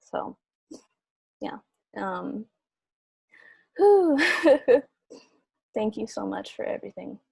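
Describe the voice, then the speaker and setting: A woman facilitator on a video call, giving soft closing remarks and leading a breathing exercise, with many fillers. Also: medium pitch, level tone, measured pace, gravelly, pauses often, husky, no room sound. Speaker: program facilitator.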